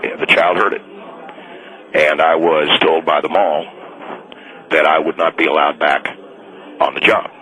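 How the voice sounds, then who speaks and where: A man's voice: rumbling low, little pitch movement, measured pace, pauses often, pushed and bright, exaggerated voice, poor audio. A man playing an indignant, fired mall Santa on a radio call-in, stubborn and self-righteous, rambling with restarts. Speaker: caller.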